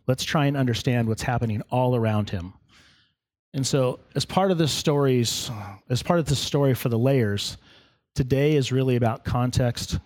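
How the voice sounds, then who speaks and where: A man's voice: medium pitch, darkish tone. A man preaching in a church in a conversational sermon, with humorous asides to the congregation. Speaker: pastor.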